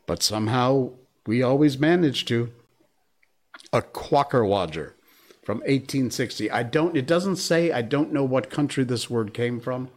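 A middle-aged man hosting his own show, talking casually and joking with viewers in a rambling monologue. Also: medium pitch. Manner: chatty, joking, rambling asides. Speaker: show host.

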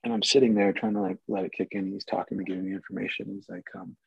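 A man's voice: on the low side, very animated, very fast, creaky, husky, dry recording, dull audio. A man who works as an actor, telling a story in a rambling, amused way with many restarts and fillers. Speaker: actor guest. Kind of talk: casual storytelling.

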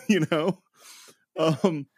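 A man's voice: fairly high pitch, very slow, darkish tone, husky, no echo, studio quality. A man co-hosting a casual movie-review podcast who gives his opinions enthusiastically and laughs easily. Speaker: podcast co-host.

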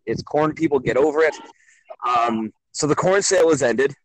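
A man's voice: on the high side, moderate pace, dry recording, poor audio. A man co-hosting a podcast, telling a work story in casual chat with an exasperated manner. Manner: exasperated, storytelling with acted quotes. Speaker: podcast co-host, grocery store worker.

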